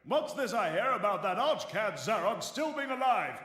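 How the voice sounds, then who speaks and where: An actor playing a hearty, jovial old warrior hero with a British accent, talking in a blustery, chummy way. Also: male voice, sits high, very animated, normal speed, fairly bright tone. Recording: roomy game audio from a distance.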